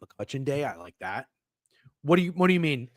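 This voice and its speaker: An excitable young man riffs through his betting picks in a loose, profane ramble, tripping over restarts. His pitch leaps around in a very animated way. The sound is dry and close, with no room around it. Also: a little fast, no echo. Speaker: sports betting show host. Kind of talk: casual livestream betting talk.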